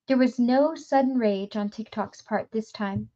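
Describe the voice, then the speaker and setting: Brief: woman reader, fairly high voice, steady novel narration, muffled lo-fi recording. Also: measured pace, hardly any pauses. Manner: steady storytelling with occasional slips. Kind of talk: reading a novel aloud.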